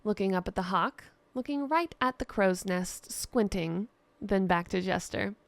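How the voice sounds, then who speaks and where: Brief: woman narrator, raspy, close and dry, steady descriptive storytelling. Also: medium pitch, a little slow, no echo. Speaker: writer and narrator. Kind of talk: scripted fantasy narration.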